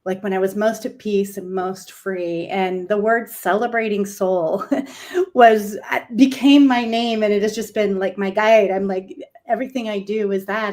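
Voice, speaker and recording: A woman's voice: medium pitch, a little mellow. A woman guest on a talk show speaking with enthusiasm as she reflects on her experiences. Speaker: panel guest. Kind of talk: reflective casual chat.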